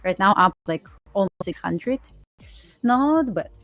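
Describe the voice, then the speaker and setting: A woman's voice: mid-range voice, animated, a little slow, fairly bright tone, faint music behind. A woman trading live on a stream, upbeat and chatty about her results. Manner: upbeat, cheers her trade. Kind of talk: casual chat.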